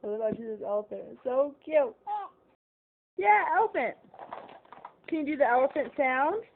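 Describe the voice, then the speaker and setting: A woman's voice: sits high, quick pace, phone-quality sound, slight background noise. A mother coaxing her toddler in a sing-song home video voice.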